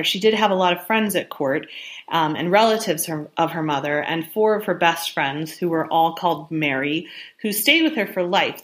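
A woman with a somewhat low voice narrates history for her podcast. She keeps it conversational and sympathetic, pausing on ums and correcting herself as she goes. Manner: chatty, sympathetic storytelling with ums and self-corrections.

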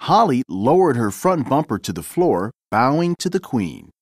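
Guy reading a kids storybook out loud, super expressive up-and-down voice, dry close mic. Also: mid-range voice, normal speed, few pauses, no room sound. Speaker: narrator. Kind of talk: storybook read-aloud.

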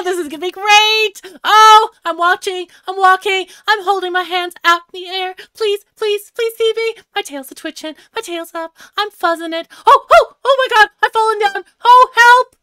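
A woman's voice: pushed and bright, dry recording, studio quality. A woman voicing a small frantic diva squirrel in a tabletop role-play game. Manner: squeaky, panicked.

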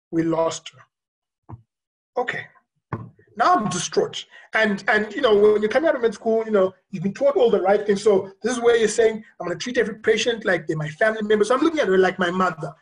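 Physician speaker, earnest, reflective storyteller, pauses often. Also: medium pitch, lively intonation, poor audio. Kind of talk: virtual conference talk, personal storytelling. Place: remote recording for a virtual conference.

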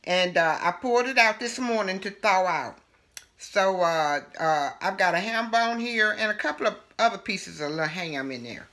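A woman's voice: medium pitch, expressive, fairly bright tone. A woman from Alabama with a Southern accent, hosting a homey, chatty cooking demonstration. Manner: homey, chatty, drawn-out words. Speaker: cooking show host.

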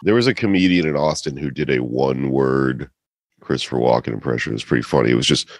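A man's voice: rumbling low, quick pace, no echo. A man hosting a casual comedy podcast, joking around with his co-hosts in an American accent. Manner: joking, playful, slips into silly voices. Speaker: podcast host.

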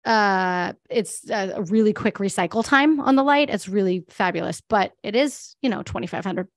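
A woman's voice: medium pitch, animated, normal speed, dry recording, clean studio sound. A woman pet photographer giving a casual presentation, chatty and full of fillers, laughing often. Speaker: guest speaker, pet photographer.

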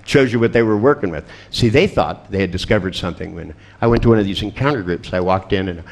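A man's voice: low-pitched, fairly quick. A man giving a seminar talk, telling blunt, profane stories about therapy clients with wry humor. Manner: wry, laughs at his own stories. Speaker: seminar presenter on therapy and coaching. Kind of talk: storytelling seminar talk to a live audience.

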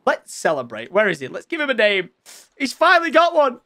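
Excitable young man with a bouncy pitch. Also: fairly quick. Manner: excitable, chatty, thinking aloud while playing. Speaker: gaming channel host. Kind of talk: excited Let's Play commentary.

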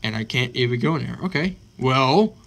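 Excitable, foul-mouthed male gamer. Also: medium pitch, normal speed, creaky, slight background noise. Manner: excitable, swears constantly, yelps when startled. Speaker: gaming channel host. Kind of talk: let's play commentary.

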